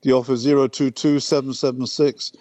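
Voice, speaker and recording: A man's voice: mid-range voice, flat delivery, a little fast, dark tone, no echo, muffled recording. A man talking with a radio host, explaining an upcoming event, fluent with a few restarts. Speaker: event organiser, guest. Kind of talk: casual radio interview chat.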